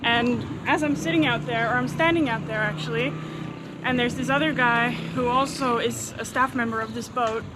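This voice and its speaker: A woman's voice: on the high side, normal speed. Woman vlogger telling a disappointing story. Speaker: travel vlogger. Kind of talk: casual storytelling to camera. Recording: clear street noise behind.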